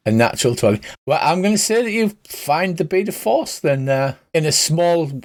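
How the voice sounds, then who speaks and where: A man narrating a tabletop game as game master, relaxed and teasing. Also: on the high side, normal speed.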